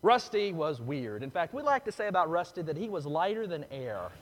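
A man preaching a sermon, telling a story that swings from hushed, slow lines to loud, excited ones. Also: a little high. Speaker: pastor. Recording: long hall reverb.

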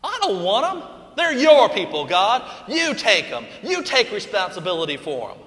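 Casting: a loud, indignant Moses pushing back on God, voiced by a man, bright and high. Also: wildly swooping pitch, normal speed, roomy sound, big-room sound, full character voice. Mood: exasperated. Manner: loud, pushy, comically indignant. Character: exasperated Moses pleading with God.

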